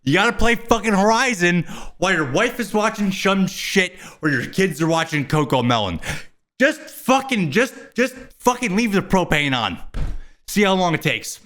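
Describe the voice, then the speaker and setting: A young man rants at full tilt, swearing constantly and sounding fed up. His voice sits a bit higher than most men's. He is the host of his own commentary video. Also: fairly bright tone. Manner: crude, fast, exasperated swearing. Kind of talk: profane ranting commentary.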